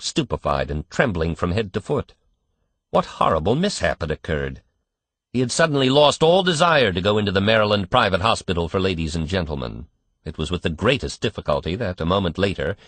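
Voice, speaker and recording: A man reads a classic story aloud as an audiobook narrator, measured and expressive. His voice sits low but moves with a lively, varied melody, and the recording is dry and close. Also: no room sound. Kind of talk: scripted narration.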